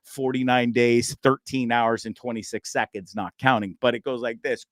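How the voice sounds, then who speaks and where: A Canadian man in his fifties hosting a live-streamed talk show, rambling and joking with lots of shout-outs and fillers. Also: mid-range voice, steady tone, moderate pace, few pauses, dry recording. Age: 50s. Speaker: host.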